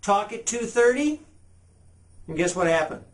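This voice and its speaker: A man's voice: high-pitched, lively intonation, a little slow. A man teaching car sales by texting, talking casually and reading short sample messages aloud with emphasis. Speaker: sales trainer. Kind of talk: sales training talk.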